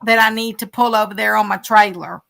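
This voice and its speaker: A woman chatting casually as a guest on a live stream, greeting viewers warmly by name. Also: medium pitch, steady tone, brisk, gravelly. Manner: friendly, greets viewers as Mister and Miss.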